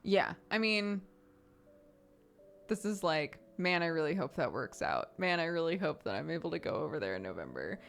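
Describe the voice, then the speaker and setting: A woman streaming, chatting casually, laughing often and getting animated when she retells stories. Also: deep voice, moderate pace, vocal fry, soft background music. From United States. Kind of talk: casual livestream chat.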